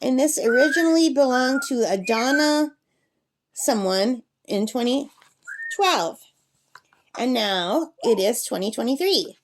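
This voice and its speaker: A woman's voice: high-pitched, lively intonation, measured pace. A woman hosting her own craft channel, chatting enthusiastically through an art book review and talking to her pet parrot. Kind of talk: casual book review vlog. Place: at a campsite.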